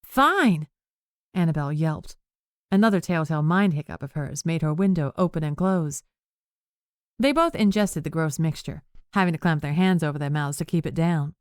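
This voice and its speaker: A woman narrating a cozy mystery audiobook in an even, measured way. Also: low voice, dry recording, clean studio sound. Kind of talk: scripted narration.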